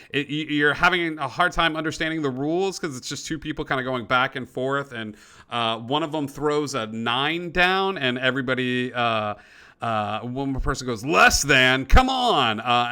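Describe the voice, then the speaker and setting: A man's voice: mid-range voice, sharp tone, smooth. A man narrating as game master of a tabletop game, in a loose way with many fillers.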